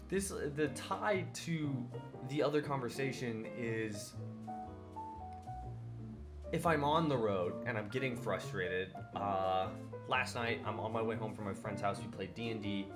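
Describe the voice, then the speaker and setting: A man hosts a casual solo talk show and speaks at an ordinary pitch for a man. He rambles with many fillers and flares up when he acts out his own frustration. Plucked guitar music plays clearly under his voice. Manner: rambling, filler-heavy, animated retellings of his own anger. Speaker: podcast host.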